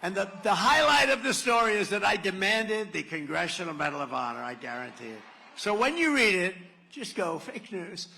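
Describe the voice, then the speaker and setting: A man's voice: high voice, sing-song, brisk, vocal fry, sharp tone, slight background noise. A man giving a rambling, sarcastic campaign rally speech, telling stories and acting out quotes. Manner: digressive, sarcastic, acts out quotes. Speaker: political candidate at a campaign rally. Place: large rally venue. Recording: echoey hall reverb.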